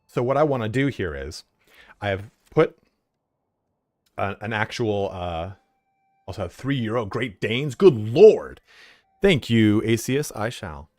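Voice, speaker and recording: A man's voice: on the low side, expressive, a little slow, pauses often, no room sound, clean studio sound. A man streaming a strategy game, chatting casually, swearing freely and breaking off to give his dog commands at home. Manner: laid-back, swears freely, talks to his dog between game commentary. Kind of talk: casual live-stream chat.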